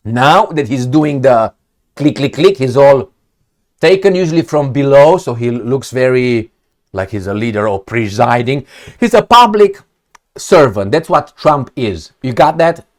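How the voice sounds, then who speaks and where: A man's voice: mid-range voice, animated, a little slow. A man giving ranting commentary on news clips, blunt, profane and sarcastic. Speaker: political commentator.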